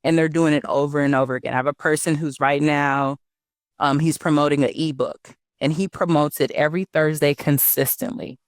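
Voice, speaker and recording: A man's voice: on the high side, steady tone, brisk, dry recording, studio quality. A man coaching business owners in a casual online teaching talk, conversational and often checking in with his listeners. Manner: conversational, often asks "right?" and says "y'all".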